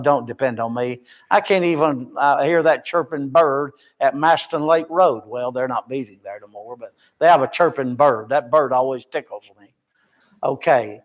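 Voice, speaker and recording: An older man, a missionary, giving an informal and rambling report to a church Bible class with folksy, self-deprecating humor. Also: medium pitch.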